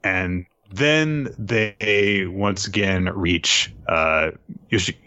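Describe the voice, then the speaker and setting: Low, bright-voiced man recapping a story. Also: drawn-out words, smooth, highs cut off. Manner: laid-back, wry asides. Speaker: podcast co-host. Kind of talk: casual chat recapping a story arc.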